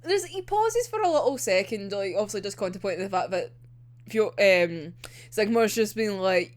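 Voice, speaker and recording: A woman's voice: medium pitch, very animated, normal speed. A young woman recapping a manga chapter in a gushing, casual way, laughing often and swearing freely. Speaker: manga reaction vlogger.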